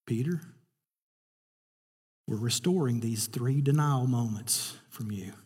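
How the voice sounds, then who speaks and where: A man voicing a gentle, patient grown male teacher in a sermon retelling. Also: mid-range voice, measured pace, husky, in a large hall, pitched below the performer's own voice.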